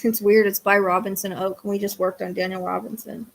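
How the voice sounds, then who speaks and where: A woman doing a live-streamed psychic reading, excitable, swinging between hushed asides and loud exclamations. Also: mid-range voice, fairly quick, vocal fry.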